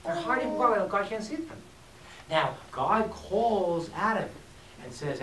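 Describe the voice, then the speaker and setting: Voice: mid-range voice, measured pace. A teacher giving an informal talk to a live audience, acting out quotes and joking with the room. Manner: animated, acts out quotes and jokes with the room. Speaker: teacher of a class. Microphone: distant from the mic. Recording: echoey room, distant mic, faint hiss.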